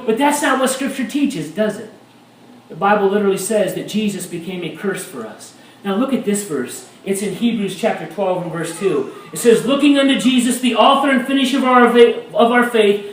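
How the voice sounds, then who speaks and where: A man preaching a sermon as a pastor, animated and rising to shouts at times. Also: high voice, normal speed. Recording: echoey room, mic at a distance.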